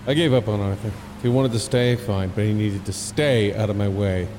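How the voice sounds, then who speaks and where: A man narrating a comedic audio drama in a deadpan, crude manner. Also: lowish voice, brisk, in a large hall, noisy background. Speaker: narrator and lead performer.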